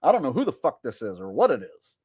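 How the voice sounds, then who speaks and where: A man's voice: mid-range voice, wildly swooping pitch, quick pace, a little mellow, breathy edge, no room sound. Guy ranting n swearing on his vlog, exasperated, voice jumping all over, dry close sound. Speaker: commentary vlogger and impressionist. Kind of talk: ranting commentary.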